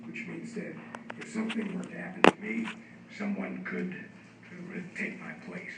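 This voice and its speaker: A man speaking as police chief at a village board meeting, his voice hoarse and failing, halting with many fillers. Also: high voice, fairly even intonation. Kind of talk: formal address to a village board. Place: council chamber. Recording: echoey hall, distant mic, noisy.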